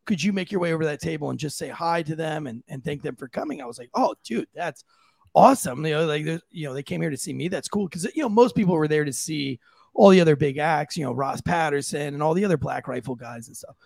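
A man co-hosting a podcast, telling a story in a casual, animated way and jumping into high voices for the people he quotes. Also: fast, gravelly, no room sound. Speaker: podcast co-host.

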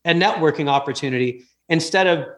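A man, a comedian guest on a podcast, telling animated stories in a casual chat with quick restarts and laughter. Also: fairly high pitch.

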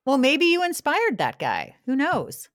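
Woman, high voice, very lively intonation, supportive interviewer. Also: measured pace. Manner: supportive and reassuring. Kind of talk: casual interview chat.

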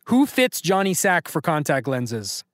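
A man's voice: fairly high pitch, big pitch swings, measured pace, no echo. A man hosting a podcast trivia quiz, reading questions to callers and hyping them up with playful banter. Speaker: podcast host and quizmaster.

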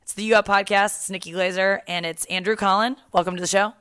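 A woman's voice: medium pitch, fairly even intonation, fast talker, fairly bright tone, smooth. A young woman hosting a podcast from her apartment couch, chatting casually, laughing and swearing freely. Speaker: podcast host.

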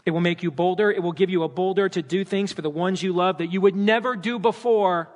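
A man preaching a sermon at his church, animated and dramatizing scripture with character voices. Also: high-pitched, a little fast. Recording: long hall reverb.

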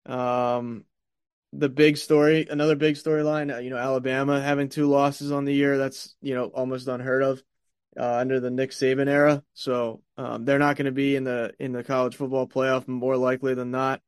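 A man with a raspy voice hosting a casual sports podcast, rambling with lots of fillers and restarts, just over a stomach bug. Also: mid-range voice, little pitch movement, moderate pace, no echo, studio quality. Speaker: podcast host.

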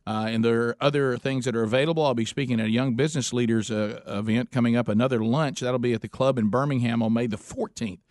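A man, hosting a talk show and telling a lively family story in casual chat. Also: medium pitch, fast, few pauses, no echo, studio quality. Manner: animated storyteller, voice jumps when quoting his mother. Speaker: radio host.

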